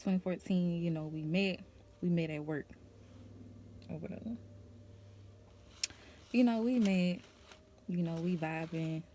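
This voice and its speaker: A woman's voice: deep voice, flat delivery, normal speed, pauses often, dark tone, a little hiss or hum. A young woman vlogger speaking her personal testimony to camera, nervous and emotional, in a casual conversational way.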